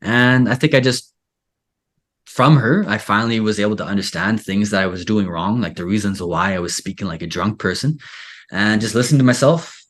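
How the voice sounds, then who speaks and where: A man's voice: on the low side, moderate pace, fairly bright tone. A man hosting a casual interview, talking in a rambling way full of filler "like". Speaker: podcast host and Spanish teacher.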